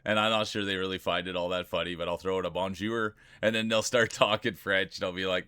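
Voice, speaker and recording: A man's voice: sits low, flat delivery, quick pace, few pauses, sharp tone, clear, resonant tone, no room sound, clean studio sound. A man streaming live, chatting casually and rambling while greeting viewers by name.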